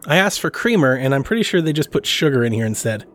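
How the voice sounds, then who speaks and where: Lively, animated man spinning stories. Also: medium pitch, fast. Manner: animated storyteller, acts out family quotes with laughter. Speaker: podcast co-host. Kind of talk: casual chat.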